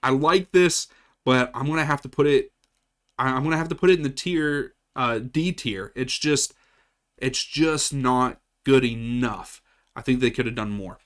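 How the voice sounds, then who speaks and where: A man's voice: medium pitch, fairly bright tone. A man from West Virginia chatting casually as he ranks soccer kits, often repeating himself and restarting sentences. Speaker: soccer channel host. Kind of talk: casual tier-list commentary.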